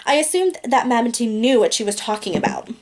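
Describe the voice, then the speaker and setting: A woman's voice: fairly high pitch, expressive, a little fast, noisy background. Amused young woman reading a comic novel. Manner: amused, giggles often, drawling profanity. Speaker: audiobook reader.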